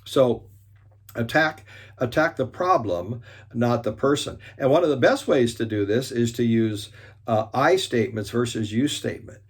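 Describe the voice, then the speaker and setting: Husky guy giving a motivational talk, earnest, slows way down on the main points. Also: medium pitch, expressive. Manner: earnest, stresses points slowly, restarts often. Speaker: speaker on conflict resolution.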